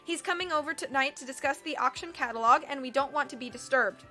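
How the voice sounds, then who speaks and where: A woman's voice: high voice, quick pace, sharp tone, soft background music. A woman putting on a haughty, bossy rich socialite. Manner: haughty, dismissive, emphatic. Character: vain trend-obsessed rich woman, bossy. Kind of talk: audiobook character voice.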